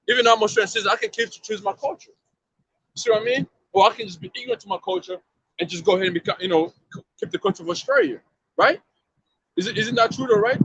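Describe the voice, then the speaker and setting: A man's voice: extremely high pitch, creaky, fairly bright tone, slightly rough, dry recording, rough recording. A man street preaching outdoors to a passer-by, emphatic and slangy, often repeating himself and asking if you see what he means.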